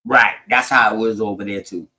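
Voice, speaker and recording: A man's voice: lowish voice, steady tone, a little fast, pushed and bright, rough recording. A man, talking through history in a casual, profane, emphatic way. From South Carolina, United States. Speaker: podcast host.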